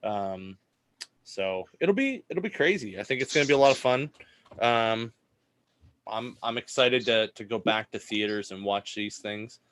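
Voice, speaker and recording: Relaxed rambling man co-host. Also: on the low side, moderate pace, smooth. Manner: rambling, relaxed, restarts a lot. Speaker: podcast co-host. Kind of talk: casual chat.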